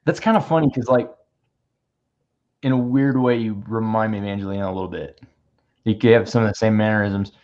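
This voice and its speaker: A man's voice: fairly low pitch, steady tone, fairly quick, pauses often, a little mellow. A man hosting a writers' panel over a video call, asking questions in a jokey, playful way. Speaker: panel host. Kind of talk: casual video call chat. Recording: slightly dull lo-fi call audio.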